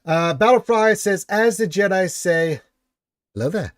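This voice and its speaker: A man's voice: high voice, expressive, measured pace, no room sound. A man hosting a casual gaming live stream, chatting loosely and reading out viewer greetings.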